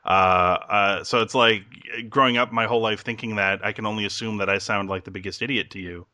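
A man's voice: on the low side, fairly even intonation, fairly quick, sharp tone, dry recording. A man with a Midwestern American accent hosting a casual podcast, rambling with lots of fillers and restarts. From Midwestern United States. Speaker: podcast host.

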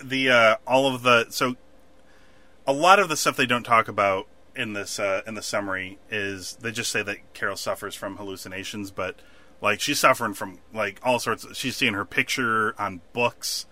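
A man co-hosting a casual TV recap chat, rambling and animated, acting out characters' lines. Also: fairly low pitch, normal speed. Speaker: podcast co-host.

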